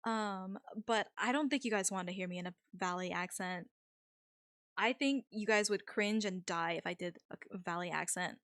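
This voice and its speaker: A woman's voice: medium pitch, moderate pace, a bit bright, no room sound, clean studio sound. A young woman streamer chatting casually with her viewers, rambling with lots of fillers and frequent laughs.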